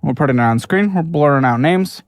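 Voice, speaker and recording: A woman's voice: sits low, expressive, a little fast, soft background music. Sarcastic woman hosting a reaction video. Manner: sarcastic, teasing asides. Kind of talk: casual reaction commentary.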